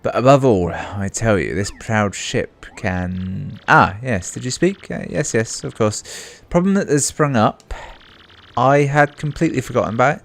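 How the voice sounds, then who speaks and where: A man's voice: medium pitch, a little slow, creaky, voice pushed up. A man putting on a pompous vain ship owner. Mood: fussy. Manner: boastful, grandiose, theatrical.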